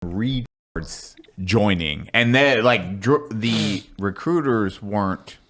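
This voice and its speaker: A man with a lowish voice tells basic training stories in a casual podcast chat. His pitch swings widely, and he keeps laughing and cursing as he goes. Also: slow pace. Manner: animated, laughing, crude. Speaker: army veteran telling stories.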